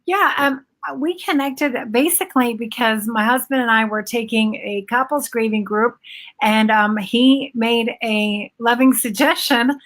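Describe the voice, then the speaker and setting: A woman guest speaking over a video call, talking reflectively with pauses and fillers about her own life. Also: fairly high pitch, a bit bright. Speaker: guest, bereaved mother and blogger. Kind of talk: casual conversation.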